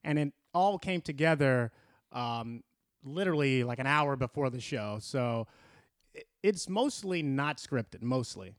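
A man co-hosting a podcast, explaining and telling stories in a relaxed, casual way. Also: medium pitch, measured pace, no echo, studio quality. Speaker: podcast co-host. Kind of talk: casual chat.

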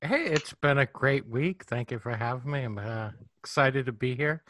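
A man's voice: medium pitch, animated, moderate pace, a bit bright, slight background noise. A man producing and co-hosting a casual podcast, playful and joking with his friends.

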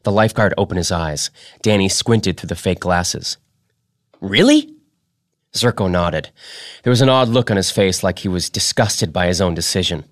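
Deep-voiced man reading a story. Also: normal speed, no echo, clean studio sound. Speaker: podcast host. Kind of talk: reading fiction aloud.

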